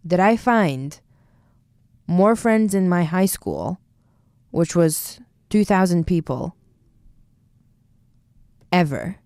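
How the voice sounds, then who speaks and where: A woman in her twenties co-hosting a chatty podcast. Her voice sits low, mellow and smooth, recorded dry and close. She talks in an animated, opinionated way, with quick asides. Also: dry recording. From Bulgaria. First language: Bulgarian. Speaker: podcast co-host, university student. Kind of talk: casual podcast chat.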